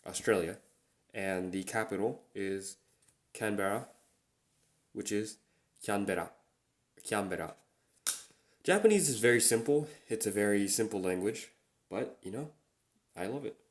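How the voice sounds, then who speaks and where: A man hosting a relaxed solo chat, slowly repeating Japanese words as he teaches them. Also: fairly low pitch. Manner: relaxed, slow and repetitive when pronouncing words. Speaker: podcast host.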